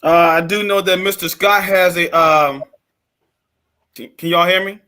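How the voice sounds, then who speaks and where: A man co-hosting a business livestream, chatting in a relaxed, conversational way. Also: sits high, unhurried. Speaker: co-host. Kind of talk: casual livestream chat.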